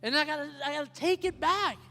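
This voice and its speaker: Fast and extremely high-pitched, a man delivers a sermon as pastor, pressing his points emphatically and often asking the congregation if they hear him. Long hall reverb surrounds him, with a soft guitar in the background.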